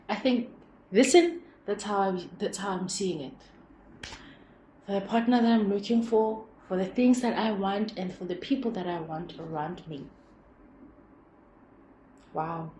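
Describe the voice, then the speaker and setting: A young woman hosting her own show, telling personal stories in a rambling, expressive, reflective way. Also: medium pitch. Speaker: podcast host. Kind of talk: personal storytelling monologue. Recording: echoey room with faint background hum.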